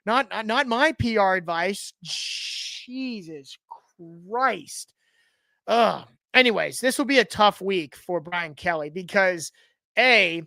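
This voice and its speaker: A man hosting a live sports talk stream, with a bright, cutting edge to his voice. He talks in loose, rambling runs, full of sarcasm and restarts. The sound is close and dry, with no room in it. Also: high-pitched, no room sound. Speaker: sports talk show host.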